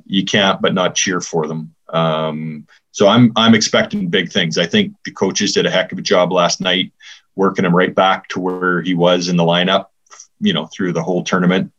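Deep-voiced male co-host, slightly dull. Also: steady tone, fairly bright tone. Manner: easygoing, halting with fillers and restarts. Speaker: podcast co-host. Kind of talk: casual podcast chat, hockey talk.

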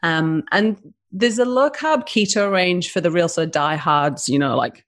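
A woman's voice: on the low side, expressive, normal speed. A woman with a northern English accent, a business founder chatting informally as an interview guest. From northern England. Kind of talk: casual interview chat.

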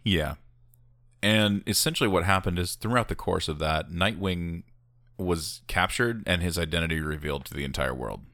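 A man's voice: low-pitched, normal speed, bright, forceful tone, no room sound, clean studio sound. A man co-hosting a casual podcast, eagerly explaining story details to his co-host. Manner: enthusiastic, explains plot details. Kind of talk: casual chat.

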